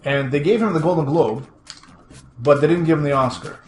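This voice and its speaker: A man chatting casually while playing a game, rambling excitedly, laughing often and swearing casually. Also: fairly high pitch, a little fast. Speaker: co-host of a retro gaming show. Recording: echoey room with faint background noise.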